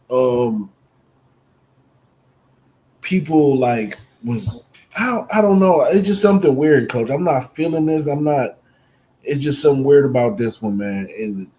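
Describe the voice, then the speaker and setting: A man's voice: mid-range voice, dark tone, a little hiss or hum, poor audio. A man co-hosting a podcast, talking casually and repeating words as he thinks. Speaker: podcast co-host.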